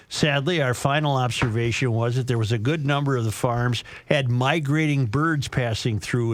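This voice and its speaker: A man's voice: mid-range voice, no room sound. A man hosting a talk radio show, bluntly scornful in banter and reading a listener's letter aloud. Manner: blunt and scornful, reads aloud with shifting emphasis.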